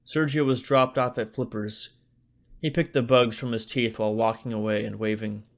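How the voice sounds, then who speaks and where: A man reads his own comic novel as an audiobook, wry and deadpan. His voice is medium-pitched and creaky, with a moderate pace.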